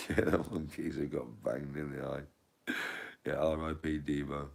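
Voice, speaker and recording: Very deep, gravelly Birmingham man. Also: fairly even intonation, a little slow, darkish tone. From Birmingham, England. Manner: crude, laughs often, rambling. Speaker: streamer. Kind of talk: crude rambling chat.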